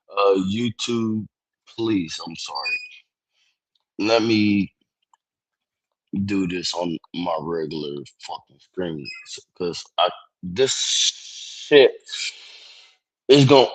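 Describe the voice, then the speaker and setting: A man's voice: fairly low pitch, darkish tone, no room sound, low-quality recording. A sleepy young man chatting live on a phone stream, yawning, rambling and apologizing, loose and profane. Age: young adult. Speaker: livestreamer. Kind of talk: casual live-stream chat.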